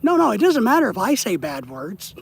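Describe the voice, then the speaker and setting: A man with a husky voice chatting casually with his viewers on a live stream while he fishes outdoors. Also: high voice, wildly swooping pitch, moderate pace. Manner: rambling, chatty, addresses viewers in chat. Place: outdoors, fishing.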